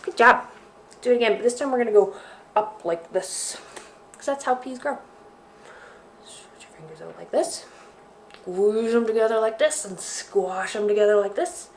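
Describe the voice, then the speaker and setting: A woman's voice: mid-range voice, normal speed, long pauses, darkish tone, slight background noise. A woman librarian leading a children's story time, guiding finger rhymes in a friendly, chatty way.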